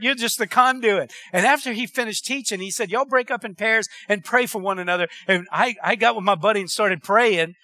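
A man preaching in a very high, bright voice. He tells stories casually and keeps calling for amens. The sound is close and dry. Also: a little fast, few pauses, no room sound. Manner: preacherly, calls for amens, conversational storytelling. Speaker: pastor. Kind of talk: sermon.

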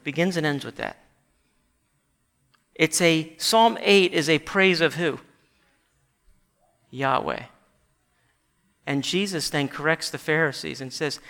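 A man preaching a sermon in a church, animated and rising to shouts when he quotes scripture. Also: fairly high pitch, a little slow, pauses often, long reverb tail. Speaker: pastor.

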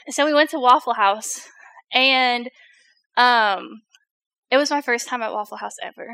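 Young woman, youth-group speaker, high and bright, casual joking sermon delivery. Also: moderate pace. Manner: chatty, filler-heavy, jokes with the audience.

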